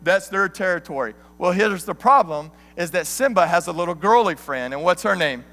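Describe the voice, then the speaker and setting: A man in his thirties preaching a sermon as an animated, joking storyteller. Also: high-pitched, a little fast. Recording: long hall reverb.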